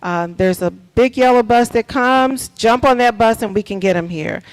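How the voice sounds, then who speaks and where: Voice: medium pitch, moderate pace, low-quality recording. A school superintendent giving announcements at a public board meeting, emphatic and repetitive, quizzing the audience, into a table microphone. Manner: preacher-like, repeats key points, quizzes the audience.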